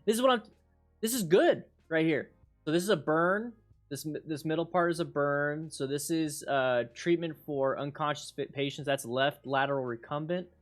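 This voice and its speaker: Casting: hyped-up male instructor-host, chatty, repeats lines, a bit high-pitched, faint music behind. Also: normal speed. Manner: excitable, rambling, repeats himself, bursts of hype. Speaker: motorcycle riding instructor and channel host. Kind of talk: excited livestream chat with viewers.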